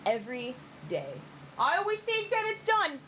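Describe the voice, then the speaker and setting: A very high-pitched young woman, giggling and rambling as she reacts to memes. Her voice swoops all over the place. There is a faint hiss behind her. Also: wildly swooping pitch, normal speed, sharp tone. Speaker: streamer reacting to fan memes. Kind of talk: excited casual commentary.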